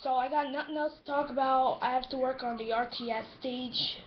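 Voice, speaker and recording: A vlogger chatting casually, soft-spoken and rambling, with pauses and restarts. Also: female voice, high voice, fairly even intonation, highs cut off. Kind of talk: casual vlog chat.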